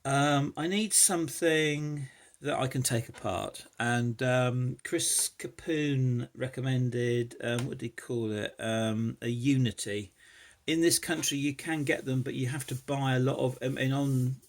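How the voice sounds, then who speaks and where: A man's voice: medium pitch, a little slow. A man casually demonstrating lockpicking, thinking aloud with many hesitant fillers. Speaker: lockpicking hobbyist vlogger. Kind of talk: casual demonstration while picking a lock.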